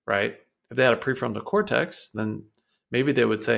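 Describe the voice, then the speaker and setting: A man's voice: medium pitch, normal speed, creaky, fairly bright tone. A man hosting a show, explaining child behavior in a casual, conversational way, often acting out quotes from parents and kids. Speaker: podcast host.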